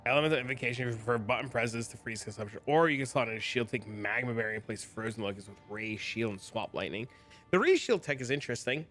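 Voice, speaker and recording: A man streaming a video game, rambling and thinking out loud as he talks through builds. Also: mid-range voice, animated, fast, soft background music. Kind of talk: casual gameplay commentary.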